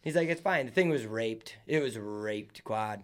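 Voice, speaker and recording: A man's voice: on the low side, unhurried. Swearing, laughing man in casual chat. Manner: blunt, swears freely, laughs often. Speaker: podcast co-host.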